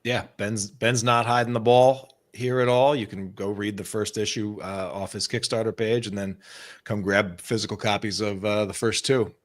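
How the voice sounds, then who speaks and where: A man's voice: fairly low pitch, normal speed. Male host, casual stream chat, easygoing. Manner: relaxed, filler-heavy, friendly wrap-up. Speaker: livestream host. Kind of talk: livestream chat.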